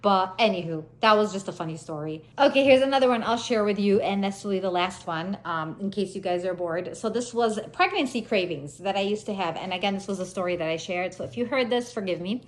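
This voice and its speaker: A woman in her thirties chatting casually to her viewers, telling funny family stories with lively, laughing delivery. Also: mid-range voice, brisk, few pauses. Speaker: vlogger. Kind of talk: casual storytelling chat.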